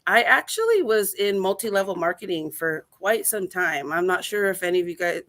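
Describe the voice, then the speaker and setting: A woman's voice: medium pitch, expressive, a little fast, a bit bright, no room sound. A woman in her thirties speaking earnestly and gratefully as a guest on a video call, her voice rising when she gets emotional. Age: 30s. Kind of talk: heartfelt personal talk on a video call.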